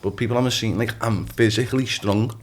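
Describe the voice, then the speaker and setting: A young boxer with a lowish voice and a brisk pace chats casually as a podcast guest. His storytelling is animated, full of acted-out quotes, swearing, and repeated "you know what I mean"s.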